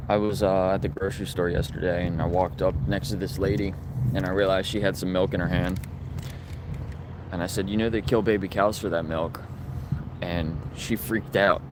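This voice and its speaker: A man with a low-pitched voice talks earnestly to his viewers while he walks and films on a residential street. He is recorded on a handheld phone, and clear traffic noise runs behind him. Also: little pitch movement, moderate pace. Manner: earnest, talking while walking and filming. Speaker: animal rights activist livestreamer. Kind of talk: casual livestream talking to viewers.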